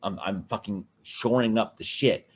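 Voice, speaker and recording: A man's voice: fairly low pitch, moderate pace, husky. A man on a casual podcast, rambling and swearing through a drunken personal chat with many restarts. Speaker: podcast co-host.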